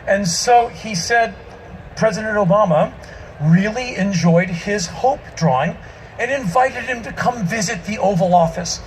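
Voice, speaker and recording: High-voiced man shouting on stage. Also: a little slow, a little hiss or hum, low-quality recording. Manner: emphatic, bursts into shouting. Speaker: spoken-word performer. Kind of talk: stage monologue to a live audience. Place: outdoor festival stage.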